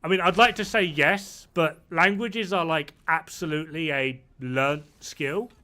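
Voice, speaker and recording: Bright-voiced streamer chatting while gaming. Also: male voice, on the high side, a little slow. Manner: rambling, swears freely. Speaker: game streamer. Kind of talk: casual chat while gaming.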